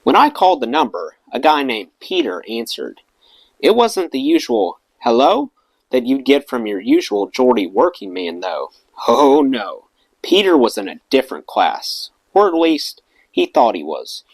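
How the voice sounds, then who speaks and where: A man's voice: medium pitch, sing-song, moderate pace, dry recording. A man reading a memoir aloud for an audiobook channel, telling it expressively. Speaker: audiobook reader.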